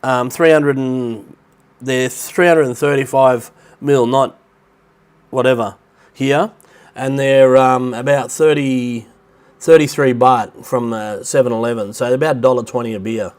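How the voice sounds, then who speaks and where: A middle-aged man with an Australian accent chats loosely on a livestream from his flat, his voice stuffy and nasal from a blocked nose. He rambles from point to point in an easy, middling pitch and greets viewers by name as he goes. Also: measured pace, clean tone. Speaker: livestream host. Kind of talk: casual livestream chat. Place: rented apartment near the beach in Thailand.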